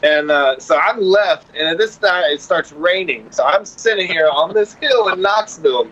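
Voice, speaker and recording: A man telling a wild story as a podcast guest, animated and profane, acting out the voices of the people in it. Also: sits high, moderate pace, muffled recording. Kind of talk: casual storytelling.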